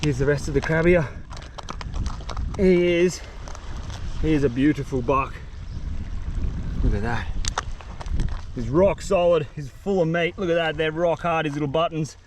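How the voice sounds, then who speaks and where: Male outdoor vlogger, high-pitched and excitable, self-filmed on a handheld camera with faint background ambience. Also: a little slow, long pauses, slight background noise, poor audio. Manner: excited, breathless slang-filled chatter. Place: outdoors in mangroves by water.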